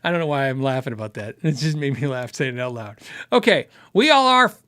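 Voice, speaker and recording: A man's voice: medium pitch, fast talker. A man hosting a casual livestream, answering viewer questions about gear in a chatty, rambling way. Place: Arizona.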